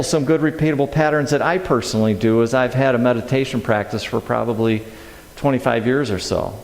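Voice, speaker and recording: Man, middle-aged, sermon, animated storytelling, echoey church hall. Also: on the low side. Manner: animated storytelling, acts out his own reactions. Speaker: speaker at a church service. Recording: echoey hall with long reverb.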